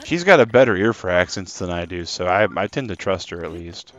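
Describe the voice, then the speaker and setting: Chatty man, live-stream game chat, lowish voice, muffled recording. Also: animated, brisk, fairly bright tone, slight background noise. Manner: chatty and rambling, talking to chat.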